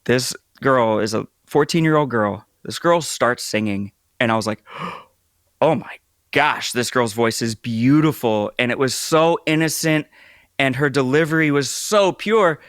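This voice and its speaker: A man's voice: a little high, moderate pace, no room sound, clean studio sound. A man in his thirties co-hosting a podcast, chatting casually and telling stories with lots of "like". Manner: relaxed, storytelling with filler "like". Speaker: podcast co-host. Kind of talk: casual chat.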